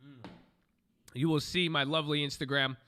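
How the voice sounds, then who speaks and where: A man's voice: fairly high pitch, steady tone, moderate pace, bright, forceful tone. Joking man streaming live trades. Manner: loose, joking and profane, thinking aloud. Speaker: live stock-trading streamer.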